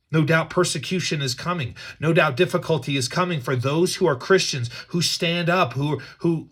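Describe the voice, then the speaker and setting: A man's voice: mid-range voice, fairly bright tone. Earnest man reading scripture with commentary. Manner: earnest and emphatic, repeats words while thinking aloud. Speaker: Bible teacher.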